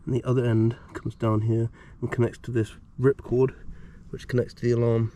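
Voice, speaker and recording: Recorded outdoors among the trees with slight background noise, a British man casually walks viewers through his wild-camping gear step by step. He half-whispers at a normal speed in a medium-pitched, flat voice.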